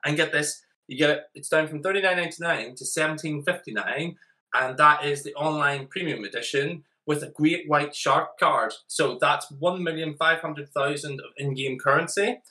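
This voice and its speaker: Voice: medium pitch, normal speed, bright, forceful tone, low-quality recording. An Irish co-host chatting casually about game deals, often repeating words while building up to a point. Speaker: podcast co-host. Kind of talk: casual chat.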